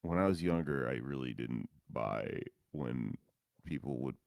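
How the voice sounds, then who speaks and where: A man co-hosting a podcast in casual comedic chat, joking in a sardonic, deadpan way. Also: very deep voice, measured pace, gravelly, no echo. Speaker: podcast co-host.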